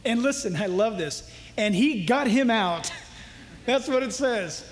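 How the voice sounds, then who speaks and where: A man preaching a sermon as pastor, animated, acting out voices from the stories he tells. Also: high-pitched, slow, in a large hall.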